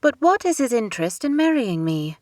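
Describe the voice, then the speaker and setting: A woman's voice: on the high side, big pitch swings, brisk, no room sound, clean studio sound, pitched above the performer's own voice. A woman reading an audiobook and voicing a proud, strong-willed young princess, with emphatic, pointed lines. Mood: insistent. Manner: emphatic, rising to sharp outbursts.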